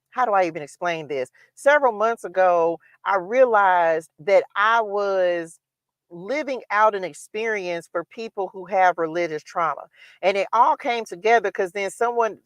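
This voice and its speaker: A woman's voice: medium pitch, fairly bright tone, no room sound. A woman hosting a livestream, giving a candid spiritual motivational talk about her own faith, told in a repetitive, testifying way. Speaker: livestream host. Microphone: livestream microphone.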